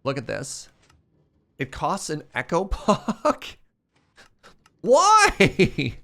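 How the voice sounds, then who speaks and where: Man, game streamer, casual chat, lively pitch, laughs a lot. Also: measured pace, gravelly. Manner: chatty, laughs often, talks to chat. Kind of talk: casual chat while gaming.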